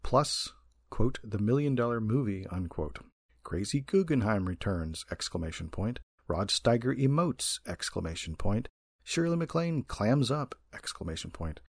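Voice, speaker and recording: A man's voice: on the low side, expressive, unhurried, breathy edge, dry recording, studio quality. A man hosting a podcast, reading an episode description aloud with small fillers. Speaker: podcast host.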